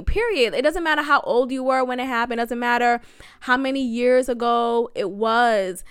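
A woman's voice: a little high, animated, normal speed, a bit bright, clean tone, no echo, studio quality. Chatty young woman telling a story. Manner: chatty, addresses listeners as y'all, laughs often. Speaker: podcast host. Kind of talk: casual storytelling monologue.

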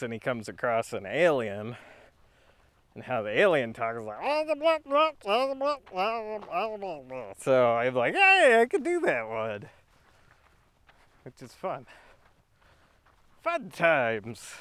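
A young video creator rambles through a casual monologue in a goofy, slightly throaty voice, laughing often and restarting his sentences. His voice is mid-range, fairly bright, clear and resonant, with no echo.

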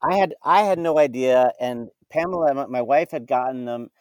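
A man in casual conversation who asks halting questions and often restarts. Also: medium pitch, no echo, studio quality. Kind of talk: casual podcast chat.

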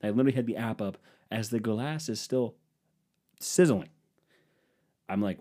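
Man, comedic storytelling, rambling, profane, self-deprecating, low-pitched, warm mellow tone. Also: normal speed.

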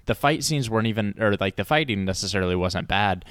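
A man with a fairly low voice chats laid-back about a movie in a casual podcast, peppering his talk with "bro" and "dude." His voice is close and dry, with no room echo. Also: animated, fast, a bit bright, clean tone. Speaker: podcast co-host. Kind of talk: casual movie review chat.

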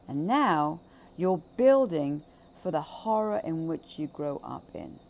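A woman giving an impassioned, emphatic monologue, swearing freely, repeating phrases and swinging between loud bursts and hushed asides. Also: sits low, lively intonation, slow, a little hiss or hum. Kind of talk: impassioned monologue on childhood trauma.

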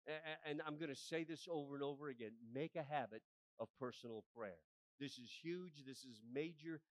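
A male pastor in his forties preaching a sermon, often asking the congregation for an amen and building to loud, emphatic peaks. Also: medium pitch, no room sound, low-quality recording. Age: 40s.

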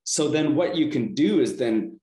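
A man speaks in relaxed conversation, earnest and reflective, often checking in with a quick "right?". His voice carries a noticeable room echo, as if he is talking in an open, live space. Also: a little high. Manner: earnest, reflective self-help talk with frequent "right?". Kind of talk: casual chat.

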